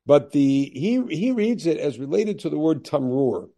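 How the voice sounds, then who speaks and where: A man who teaches as a rabbi, lecturing on a Bible text. He explains step by step, asks himself questions and answers them, and reads the old verses slowly before he explains them. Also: fairly high pitch, big pitch swings, warm tone.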